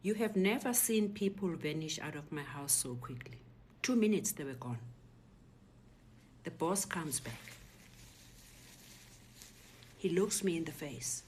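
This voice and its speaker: Hushed, breathy woman. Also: sits low, expressive, a little slow, long pauses, slight background noise. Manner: recounts an ordeal in a hushed, breathy half-whisper, quoting others. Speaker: speaker recounting a personal ordeal. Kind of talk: personal testimony, storytelling.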